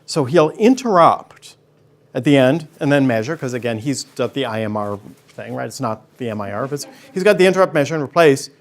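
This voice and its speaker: Fairly quick and medium-pitched, this male guest entertains a studio audience with animated storytelling. He brings plenty of energy and performs the voices of each character he describes.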